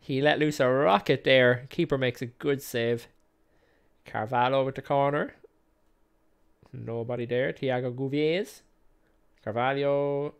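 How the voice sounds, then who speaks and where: In this let's-play video, the male host narrates the match play by play, chatting casually, poking fun at himself, and laughing a lot. His voice is medium in pitch, smooth, and measured in pace.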